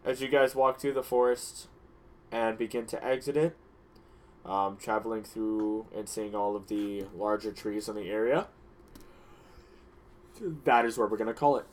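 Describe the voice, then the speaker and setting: A man's voice: lowish voice, steady tone, normal speed, pauses often. A young man narrating as dungeon master, hesitant, with many fillers and restarts. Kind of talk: narrating a tabletop game.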